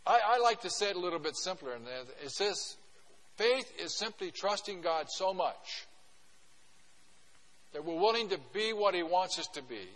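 Older male guest pastor, folksy conversational sermon, slightly high voice, long church echo. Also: a bit bright. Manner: folksy, conversational preaching with acted-out prayers. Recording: long reverb of a church hall.

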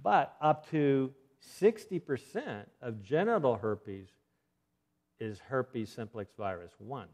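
A man's voice: mid-range voice, expressive, slow pace, darkish tone. A man giving an earnest health lecture, emphatic and given to repeating key points.

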